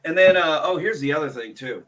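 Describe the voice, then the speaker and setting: A man's voice: fairly high pitch, animated, a little fast, a bit bright. A man hosting a casual stream, ranting sarcastically and swearing freely. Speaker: streamer host.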